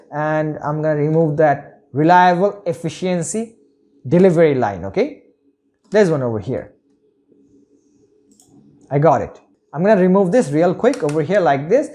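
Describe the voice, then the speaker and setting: A man guides viewers through a screen-recorded coding lesson, narrating each step as he goes. He keeps checking in with a quick "okay?" and points things out "over here". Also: fairly high pitch, darkish tone. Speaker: web development tutor.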